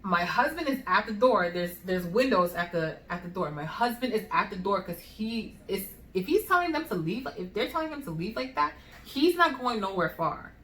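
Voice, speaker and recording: A young woman with a New York accent telling a personal story in a casual, animated way, full of fillers and acted-out dialogue. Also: medium pitch, normal speed, few pauses. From United States. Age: young adult. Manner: animated, swears, filler-heavy, acts out dialogue. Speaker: vlogger. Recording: echoey room.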